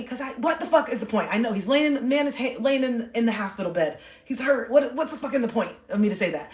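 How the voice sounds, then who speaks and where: A woman's voice: medium pitch, fast, few pauses. Woman, earnest heartfelt livestream talk, casual swearing, phone mic, roomy echo. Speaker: livestream host. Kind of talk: candid livestream monologue.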